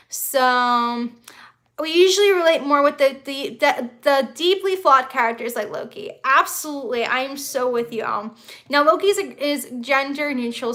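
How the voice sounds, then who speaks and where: A woman with a high, bright, forceful voice does a casual live stream from a phone set on a tripod. She rambles chattily and reads viewer comments out loud along the way.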